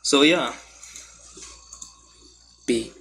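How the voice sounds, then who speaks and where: Giggly low-voiced woman streamer. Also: extremely slow, background noise. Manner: giggly, rambling, crude jokes. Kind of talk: casual live-stream commentary.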